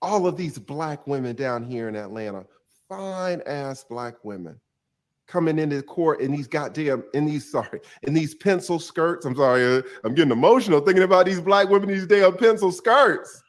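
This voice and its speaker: A retired attorney explaining a court case in a joking, playful way, laughing at his own asides. His voice is high for a man and swings up and down constantly. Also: expressive, normal speed. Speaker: retired defense attorney, guest commentator. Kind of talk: animated legal commentary.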